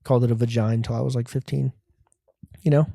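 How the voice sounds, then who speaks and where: A man's voice: medium pitch, little pitch movement, quick pace, gravelly, mellow, no echo, studio quality. A man, a comedian hosting his own podcast, rambling through a profane, self-mocking solo rant.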